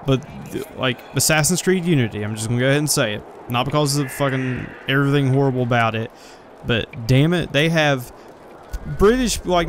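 A man's voice: medium pitch, noisy background. A man streaming a video game who rambles, swears freely and talks to himself. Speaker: gaming streamer. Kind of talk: let's play commentary. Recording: voice over loud game music.

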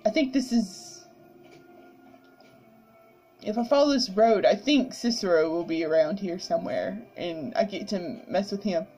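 A woman's voice: mid-range voice, lively intonation, normal speed, pauses often, a little mellow, lo-fi sound, soft background music. Sleepy giggly woman gamer. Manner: chatty, giggly, talks to game characters. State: sleepy, yawning. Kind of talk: casual gameplay commentary.

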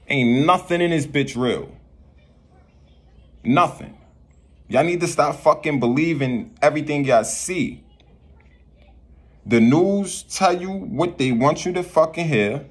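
A man's voice: fairly high pitch, breathy edge. A man delivering a rambling spiritual rant to his viewers, preachy and profane, often repeating himself. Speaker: vlogger.

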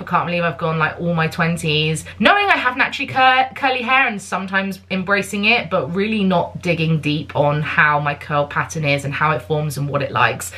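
A woman's voice: lowish voice, pushed and bright. A woman in her thirties from the UK, chatting casually to camera in a bubbly, filler-filled way. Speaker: vlogger.

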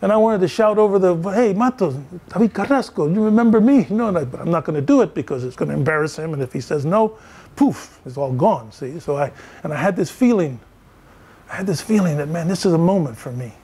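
An older man, a professor, giving a storytelling lecture with lively anecdotes and acted-out dialogue. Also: a little high, fast, slightly rough. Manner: animated anecdotes, acts out quoted dialogue.

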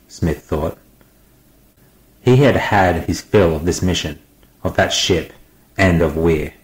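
A man reading an audiobook aloud in a steady, dramatic manner. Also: deep voice, slow, long pauses, reverberant, low-quality recording. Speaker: guest audiobook narrator. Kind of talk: scripted audiobook narration.

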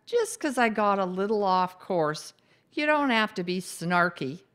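A woman voicing a bossy, cheerful female ghost who likes to meddle, in a brisk, upbeat way. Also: mid-range voice, lively intonation, fairly bright tone.

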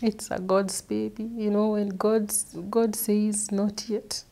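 A woman, an interview guest, recounting a painful personal story in an earnest, halting way, often repeating words. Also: mid-range voice, level tone, warm tone. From Kenya. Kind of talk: personal testimony.

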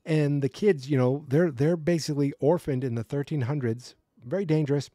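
A man's voice: a little high, brisk, mellow, no room sound, clean studio sound. A man hosting a podcast, recapping a cartoon episode alone in a rambling, casual way with wry asides and frequent self-corrections. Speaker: podcast host.

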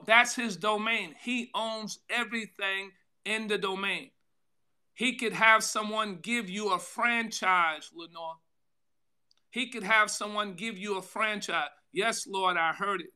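A man pastor giving a devotional sermon, calling out to listeners by name, with a drawn-out delivery and sudden loud bursts. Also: high voice, smooth. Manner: preaching with call-outs to listeners by name.

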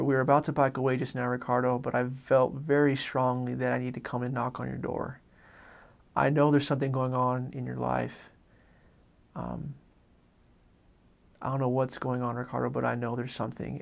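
Young guy telling a story, lots of ums and restarts, gravelly, pretty monotone. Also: mid-range voice. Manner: halting, repeats words, many fillers. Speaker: former missionary. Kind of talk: personal storytelling.

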